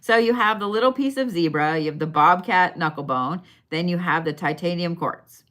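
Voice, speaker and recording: A woman's voice: fairly low pitch, moderate pace, a bit bright. A woman giving bone readings on a live stream in a casual, chatty way, swearing now and then and talking straight to her viewers. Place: her shop.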